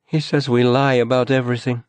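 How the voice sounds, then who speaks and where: A man's voice: mid-range voice, flat delivery, brisk, clear, resonant tone, no room sound, pitched above the performer's own voice, lightly acted. A man voicing a tense, frightened wife and mother in an audiobook, talking sharply and anxiously. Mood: subdued. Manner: sharp and anxious, rising into anger.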